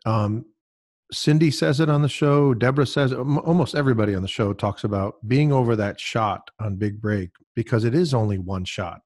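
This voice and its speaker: A man hosting an interview podcast, asking quick questions with enthusiasm. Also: medium pitch, darkish tone. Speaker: podcast host. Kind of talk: casual interview talk.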